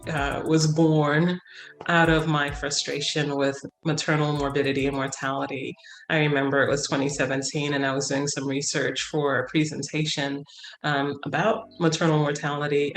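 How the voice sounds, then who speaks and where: A middle-aged woman, a nurse leader, talking earnestly and with emphasis as an interview guest, often repeating phrases to drive a point home. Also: deep voice. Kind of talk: interview conversation. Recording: roomy echo, faint music.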